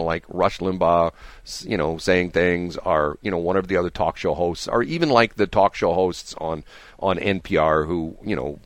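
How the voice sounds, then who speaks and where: A man hosting a radio talk show, giving his opinions in an animated, talkative way and mocking the people he disagrees with. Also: low-pitched, dry recording. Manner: animated, mocking imitations of others. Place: radio studio.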